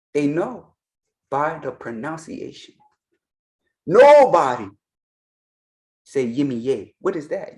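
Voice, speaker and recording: A man's voice: fairly high pitch, animated, takes it slowly, pauses often, darkish tone. A man hosting a reaction commentary, ranting in a heated, mocking and profane way. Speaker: host, Orisha priest.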